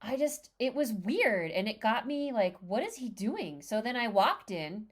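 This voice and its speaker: Animated woman telling a story. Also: fairly high pitch, unhurried. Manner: animated, acts out quoted dialogue. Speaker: podcast co-host. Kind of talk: casual storytelling chat.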